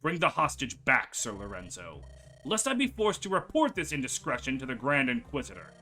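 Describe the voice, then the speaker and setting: Casting: a man playing a stern inquisition knight, formal and icy, with a bright edge to the voice and faint music behind. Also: medium pitch, very animated, a little fast, voice pushed down. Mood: commanding. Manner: formal, commanding.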